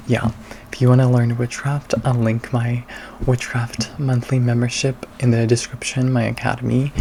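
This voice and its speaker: Soft-spoken, gravelly young man. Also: medium pitch, a little hiss or hum. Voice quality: soft, hushed delivery. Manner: irreverent and sassy, swears freely. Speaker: witchcraft content creator. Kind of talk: casual chat.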